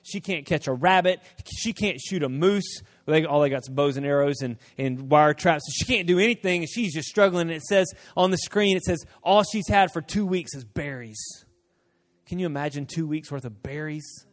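A man preaching a sermon, dropping to a hush and then rising to loud emphasis, acting out short dialogues in different voices. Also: a little high, normal speed. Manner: swings from hushed to loud, emphatic. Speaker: pastor.

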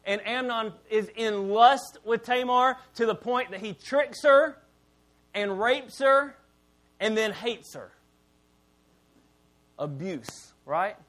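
High-voiced man preaching casually. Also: lively intonation, slow, long pauses. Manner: conversational preaching, dropping low and quiet for emphasis; candid, self-deprecating asides. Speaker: pastor. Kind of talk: sermon.

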